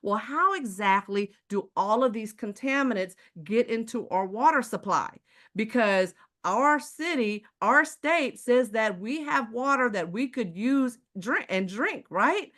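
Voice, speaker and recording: A woman's voice: fairly high pitch, lively intonation, unhurried, a bit bright. A woman from Houston with a Texan accent, giving a live online sales presentation and asking the audience rhetorical questions. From Houston, Texas.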